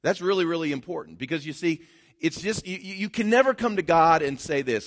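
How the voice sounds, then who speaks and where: A man preaching a sermon, animated, swinging between loud emphatic bursts and quiet, drawn-out words. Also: a little high. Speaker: pastor.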